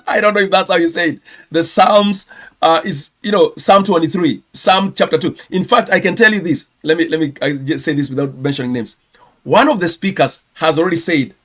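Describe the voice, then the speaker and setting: A man from Kenya with a Kenyan accent, hosting a casual ministry news roundup, chatty and quick to correct himself. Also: a little high, fairly bright tone. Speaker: ministry host.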